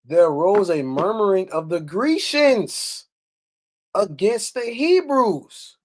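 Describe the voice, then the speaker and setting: A man's voice: sits high, animated, takes it slowly. A man teaching scripture in a blunt, preachy way, who reads verses aloud, explains them with rhetorical questions and scolds his listeners. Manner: blunt and scolding, with mild swearing. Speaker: bible teacher.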